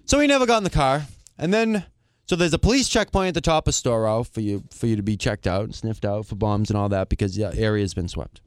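A man co-hosting a podcast, telling a story in a lively, animated way with laughs. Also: fairly low pitch, fast talker, no echo, studio quality. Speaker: podcast co-host. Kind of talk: casual chat.

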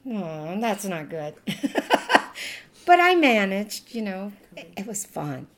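A woman's voice: mid-range voice, big pitch swings, slow pace. An older woman from Louisiana with a Cajun Louisiana accent, chatting and laughing as she tells stories in an oral history interview.

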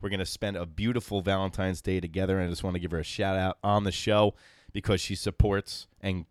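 A man's voice: deep voice, level tone, dry recording, studio quality. A man hosting a podcast in casual chat, joking and teasing his co-hosts. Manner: joking, teasing, drawn-out announcer delivery. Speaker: podcast host.

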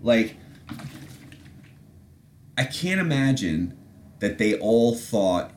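A man's voice: mid-range voice, sing-song, drawn-out words, darkish tone. A man hosting a podcast in casual chat, rambling, sarcastic and profane. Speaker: podcast host.

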